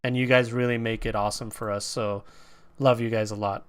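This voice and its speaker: A man's voice: fairly low pitch, flat delivery, fairly quick, smooth. A young man co-hosting a video game podcast, laid-back and swearing freely in casual chat. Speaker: podcast co-host.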